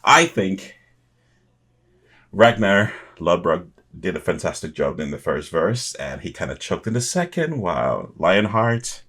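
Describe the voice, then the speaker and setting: A man's voice: deep voice, big pitch swings, measured pace, a bit bright, slightly rough. A man hosting a reaction video, chatting casually with enthusiasm and chuckles, often restarting his sentences.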